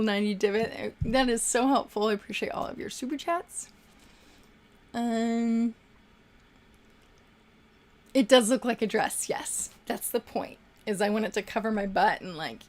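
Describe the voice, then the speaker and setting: A young woman hosting a casual livestream, chatting and effusively thanking viewers for their super chats. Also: medium pitch.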